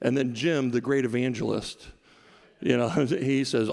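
A middle-aged man preaching a sermon to a congregation, telling stories about himself in a relaxed, self-deprecating way. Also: mid-range voice, moderate pace, gravelly. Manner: storytelling, self-deprecating and conversational. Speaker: pastor. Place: large church hall. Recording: reverberant church hall.

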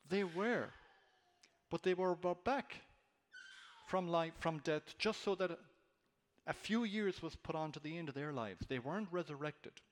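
A man's voice: a little high, in a large hall. A man preaching an expository sermon, earnest and emphatic, lifting his voice on key words.

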